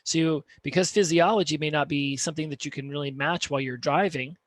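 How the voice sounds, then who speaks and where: A man's voice: on the high side, a little fast, no room sound. A man coaching on communication in a conversational instructional talk, often checking in with "right?". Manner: conversational, peppers points with "right?".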